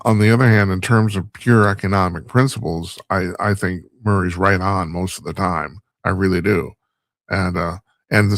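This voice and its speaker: In a dry recording, a low-pitched man hosting a radio talk show gives a casual, rambling monologue. His commentary is wry, and he chuckles whenever he trips over his words.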